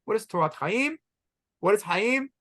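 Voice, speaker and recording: A man's voice: sits high, lively intonation, normal speed, fairly bright tone. A middle-aged man teaching a halacha class as a rabbi, energetically quizzing students and saying Hebrew words with an Israeli pronunciation. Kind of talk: classroom lecture with questions to students.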